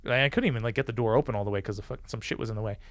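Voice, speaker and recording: A former police officer, a man, telling a story as a podcast guest, animated and swearing freely as he acts out the people he quotes. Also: lowish voice, rapid-fire, no room sound, studio quality. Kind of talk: casual storytelling.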